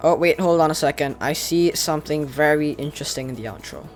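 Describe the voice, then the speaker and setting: A man's voice: fairly high pitch, fast, faint music behind. A man hosting his channel, giving casual, enthusiastic reaction commentary while judging a giveaway. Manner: enthusiastic, chatty, praising.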